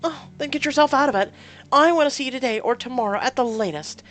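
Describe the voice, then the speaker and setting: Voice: high voice, fast talker, fairly bright tone, voice pushed up. A reader putting on a domineering, scolding mother. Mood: scolding, imperious. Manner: cold, imperious, scolding. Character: domineering disapproving mother, middle-aged woman.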